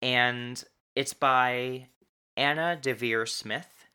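A podcast co-host in casual chat, chatty and quick to laugh, stumbling over words now and then. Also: medium pitch, bright, forceful tone, clean tone.

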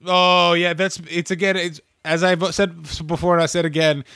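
A man's voice: a little high, level tone, moderate pace, sharp tone, clear, resonant tone, no room sound, clean studio sound. A man co-hosting a podcast, telling stories in a sardonic, profane, casual comedic way. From Canada. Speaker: podcast co-host.

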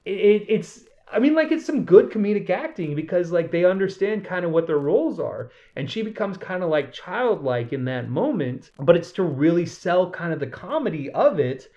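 A casual podcast co-host whose pitch rises and falls a lot as they talk. They swear freely and slip into acted-out quotes mid-sentence. The sound is a bit dull and lo-fi. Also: normal speed, few pauses. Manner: animated, profane, acts out quotes. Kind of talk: casual film chat.

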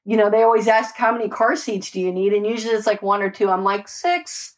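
A woman homicide detective recounts her street years in a loose, animated storytelling voice. She speaks emphatically and bluntly, swearing freely. She keeps checking in with her listener as she goes, at an everyday mid-range pitch. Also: fast talker. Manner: animated, emphatic, swears, peppers speech with "right?" and "like". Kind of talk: casual storytelling in conversation.

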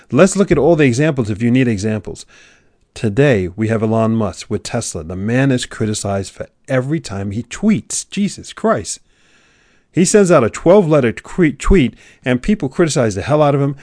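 A man's voice: medium pitch, no echo. Intense motivational man, dry close sound. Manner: preachy, swings from loud urging to hushed near-whisper. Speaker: motivational speaker. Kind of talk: motivational monologue.

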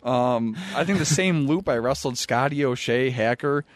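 A young man chatting casually on a podcast, swearing freely, who tells rowdy stories and acts out quotes louder. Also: mid-range voice, normal speed, dry recording. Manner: laid-back, profane, acts out quotes loudly. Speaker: former pro wrestler, guest. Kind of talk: casual podcast chat, storytelling. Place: studio. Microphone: studio mic.

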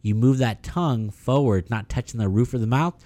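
A man co-hosting a casual podcast chat, telling stories in an animated way with quick asides. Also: mid-range voice. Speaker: podcast co-host.

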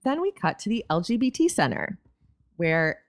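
A woman's voice: medium pitch, sing-song, moderate pace, no echo. Wry chatty woman, dry close sound. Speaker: podcast co-host. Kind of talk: casual chat recapping a TV episode.

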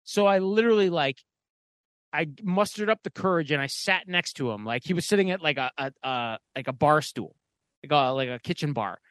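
A man's voice: a little high, animated, brisk, fairly bright tone, dry recording. A man co-hosting a podcast, telling a casual, profane, rambling story full of "like" fillers. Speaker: podcast co-host.

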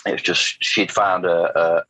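Interview guest: middle-aged man, bright and forceful tone, anecdotal and rambling, dry sound. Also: low-pitched, little pitch movement, measured pace, dry recording, poor audio. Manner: rambling, anecdotal, frequent restarts and fillers. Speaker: guest, motorcycle test rider. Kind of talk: casual storytelling interview.

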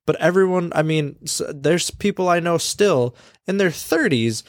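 A man's voice: on the high side, expressive, moderate pace, no echo, clean studio sound. Blunt, profane man. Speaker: podcast co-host. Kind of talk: casual podcast chat.

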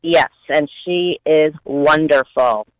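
A woman chatting on a podcast as a guest impressionist, animated and giggly. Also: low-pitched, no echo, poor audio. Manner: animated, giggly, quick restarts. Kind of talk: casual podcast chat.

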